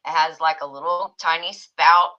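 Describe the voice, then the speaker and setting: A woman's voice: sits low, fairly even intonation, normal speed. Chatty woman hosting a lo-fi livestream. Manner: chatty, reads viewer comments aloud, laughs often. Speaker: livestream host. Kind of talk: casual livestream chat.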